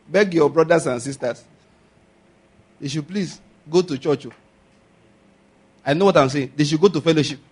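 A man's voice: on the high side, normal speed, long pauses, a little mellow, slightly rough. A man with a Nigerian accent preaching a sermon, repeating his points emphatically and chuckling often. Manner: emphatic, repetitive exhortation with frequent chuckles.

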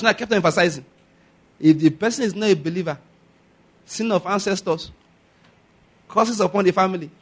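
A man with a Nigerian accent preaching a sermon, repeating his points emphatically and chuckling often. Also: high-pitched. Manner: emphatic, repetitive exhortation with frequent chuckles.

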